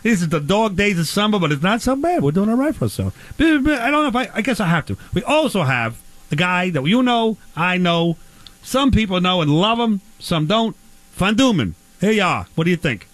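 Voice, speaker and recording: A man's voice: high voice, very animated, fairly quick, a bit bright, dry recording. A man hosting a comedy barbecue bit, talking in a brash, rambling, teasing way. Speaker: host.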